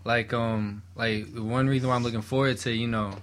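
A man's voice: medium pitch, fairly even intonation, moderate pace. A man from Miami, a handyman guest, talking in a laid-back way with many fillers. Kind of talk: casual interview chat.

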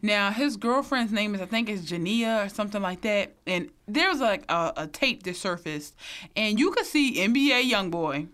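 A woman's voice: medium pitch, lively intonation, moderate pace, a bit bright. Blunt, laughing woman in casual chat. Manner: blunt, laughing, slangy storytelling. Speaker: podcast co-host.

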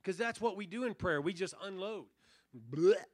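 A man preaching a revival sermon as pastor, earnest, sinking almost to a hush and then swelling on key phrases. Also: high-pitched, brisk, no room sound, studio quality. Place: church revival service.

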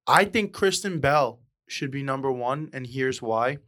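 A man, opinionated and casual, weighing in on a movie. He swears freely and sometimes stretches his words out slowly. His voice sits at a middling pitch. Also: expressive, fairly bright tone. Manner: opinionated, swears casually, drawn-out delivery at times. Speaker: podcast co-host.

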